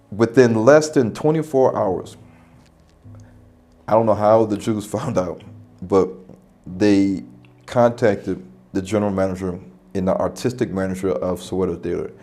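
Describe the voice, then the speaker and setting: Man, podcast guest, lowish voice, dark mellow tone, rambling anecdote with restarts. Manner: retells events with repetitions and restarts. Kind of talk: casual spoken anecdote.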